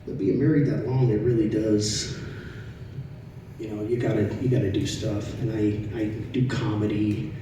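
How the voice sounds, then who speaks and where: A middle-aged man doing a stand-up comedy set, telling stories in a conversational way, loud at the punchlines and quiet in the asides. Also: on the low side, steady tone, moderate pace. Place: comedy club stage. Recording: echoey room, distant mic, audible noise.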